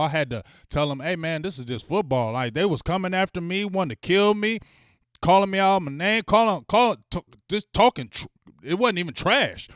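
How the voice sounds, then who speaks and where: Man, casual fan rant, blunt and profane, fairly high voice, smooth and clean, dry sound. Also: no echo. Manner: shouts out viewers by name. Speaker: sports fan channel host.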